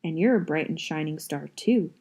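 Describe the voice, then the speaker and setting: A woman's voice: low-pitched, expressive, moderate pace, warm tone, husky, exaggerated voice. A woman reading the lines of an earnest, intense middle-aged male schoolteacher in a book reading.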